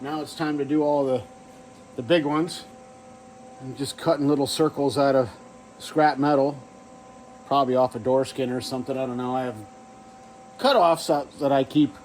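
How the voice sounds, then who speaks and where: A man's voice: medium pitch, a little mellow, slight background noise, low-quality recording. Offhand man talking through garage work. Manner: offhand, thinking aloud with fillers. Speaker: garage vlogger. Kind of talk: casual workshop narration. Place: home garage workshop.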